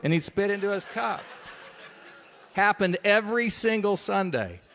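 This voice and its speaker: A man's voice: high voice, expressive, measured pace, gravelly, fairly bright tone. A middle-aged man preaching a sermon, telling a story in a conversational way and checking in with his listeners.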